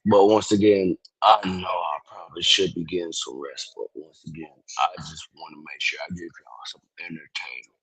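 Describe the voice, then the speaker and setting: A man's voice: deep voice, steady tone, normal speed, fairly bright tone, breathy edge, no room sound, poor audio. A sleepy young man chatting live on a phone stream, yawning, rambling and apologizing, loose and profane. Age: young adult. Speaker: livestreamer. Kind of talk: casual live-stream chat.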